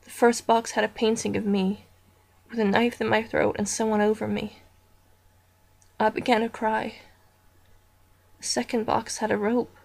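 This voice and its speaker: Woman narrator for a horror story reading; higher voice, unhurried, deliberate delivery. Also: flat delivery, gravelly.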